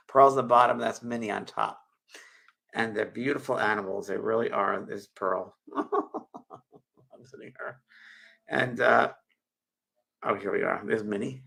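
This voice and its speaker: A man hosts his show and tells a tender personal story, circling back and restarting often. His voice is gravelly and a little husky, with a bright, forceful edge. He speaks into a webcam. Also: fairly low pitch, measured pace, pauses often. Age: 60s. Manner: rambling, emotional, with frequent restarts and laughs. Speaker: show host.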